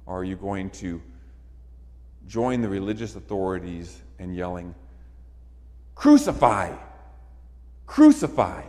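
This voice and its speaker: A man's voice: sits low, steady tone, normal speed, mellow. A man preaching a sermon emphatically, repeating phrases for effect. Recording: long reverb of a large hall.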